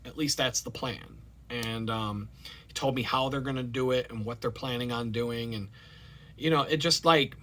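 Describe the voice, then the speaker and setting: Bright-voiced rambling man. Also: medium pitch, normal speed. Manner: rambling, animated storytelling with many fillers. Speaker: vlogger. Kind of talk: casual personal monologue.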